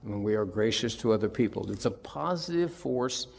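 A man's voice: lowish voice, expressive, moderate pace, vocal fry, a little mellow. A man preaching a sermon, retelling scripture with emphatic, rising and falling delivery. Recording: long reverb of a large hall.

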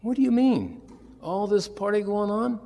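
A man's voice: high voice, animated, moderate pace, creaky, dark tone, long reverb tail, voice pushed up, exaggerated voice. A man voicing an angry, resentful older brother who bursts out in indignant complaint. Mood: exasperated. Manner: exasperated, indignant outburst.

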